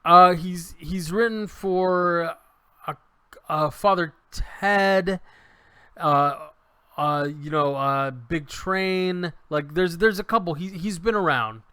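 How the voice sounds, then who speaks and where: A man's voice: high-pitched, slow pace, smooth, dry recording. A man co-hosting a podcast, casually retelling a comedy show with many restarts and acted-out quotes. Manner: animated storyteller, acts out quotes, many restarts. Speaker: podcast co-host reviewing a show. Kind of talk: casual chat.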